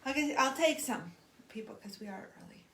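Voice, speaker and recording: A woman with a high voice that jumps around a lot chats on a live stream. She tosses in quick, playful asides. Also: lively intonation, echoey room, distant mic, background noise. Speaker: co-host of a live nutrition show. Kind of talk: casual live-stream chat.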